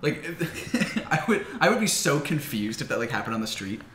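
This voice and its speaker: A man's voice: fairly high pitch, sing-song, normal speed, a bit bright. A young man co-hosting a podcast in casual chat, joking and swearing with frequent laughs. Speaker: podcast co-host. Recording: echoey room, faint background noise.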